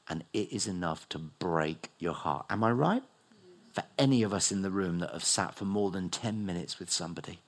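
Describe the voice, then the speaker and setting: A middle-aged New man preaching a sermon as pastor, rising loud and high for emphasis and dropping low and soft. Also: moderate pace. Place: church hall.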